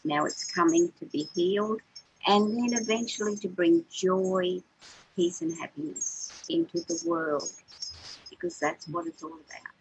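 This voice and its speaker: A woman's voice: lowish voice, measured pace, slight background noise, low-quality recording. An older woman, a co-host on a spiritual radio show, talking earnestly and repeating words as she gathers her thoughts. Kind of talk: heartfelt spiritual chat.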